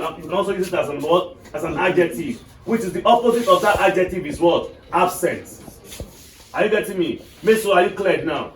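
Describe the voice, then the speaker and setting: A man's voice: sits high, slight background noise. A male teacher giving an English lesson to a class, often checking that his students are following. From Nigeria. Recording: echoey room, mic far off.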